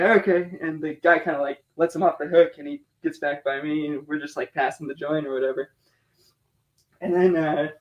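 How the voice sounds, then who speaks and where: An American man with a high-pitched voice tells a rambling story in casual podcast chat. He is animated and breaks into laughter often, peppering his talk with fillers and swearing. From United States. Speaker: podcast guest.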